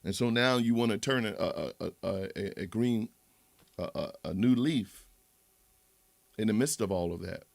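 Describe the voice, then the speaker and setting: A man's voice: on the low side, measured pace, gravelly, pauses often, a little mellow, dry recording. A man hosting a livestream, rambling and moralizing in a casual monologue with many restarts. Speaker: livestream host.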